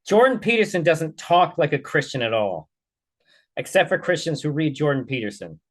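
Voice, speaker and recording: A man's voice: a little high, very animated, moderate pace. A man hosting a reaction video, talking bluntly and swearing freely in casual commentary.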